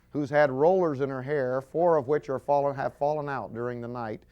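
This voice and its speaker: Clear-voiced man preaching animatedly. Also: mid-range voice, lo-fi sound. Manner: animated storytelling, acting out scenes. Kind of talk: sermon.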